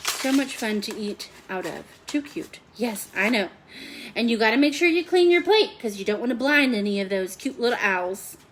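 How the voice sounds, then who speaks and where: A woman's voice: fairly high pitch, animated, moderate pace, a bit bright, slight background noise. A woman hosting a chatty live cooking stream from her home kitchen, rambling and talking to viewers by name. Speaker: home cooking livestream host.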